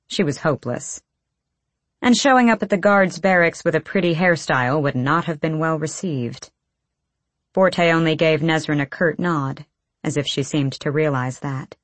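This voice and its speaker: Low-voiced woman narrating an audiobook. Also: dry recording. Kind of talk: scripted narration.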